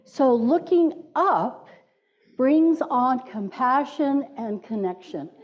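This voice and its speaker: A woman's voice: high-pitched, lively intonation, slow, highs cut off. A woman minister giving a playful sermon in a church, inviting the congregation to repeat words with her. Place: church sanctuary.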